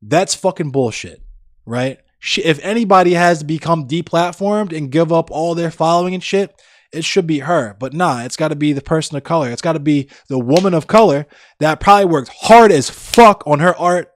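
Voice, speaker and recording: Young man, livestream chat, profane, blunt, ranting, a bit high-pitched, dry close sound. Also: moderate pace, no room sound. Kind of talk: casual chat with live viewers.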